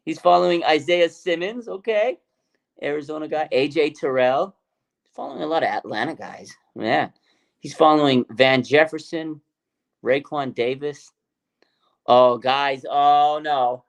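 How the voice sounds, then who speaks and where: A man's voice: fairly high pitch, measured pace, gravelly. Man mocking football rumors on a livestream. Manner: laughing, mocking, talks to chat. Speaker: sports show host. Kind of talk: casual live-stream commentary.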